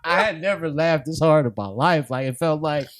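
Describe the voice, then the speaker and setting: A man co-hosting a podcast, telling funny TV scenes in a loose, animated way, acting out the characters and laughing often. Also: a little high, normal speed, heavy background noise. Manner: animated storytelling, acts out scenes in other voices, laughs a lot. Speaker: podcast co-host. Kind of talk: casual chat.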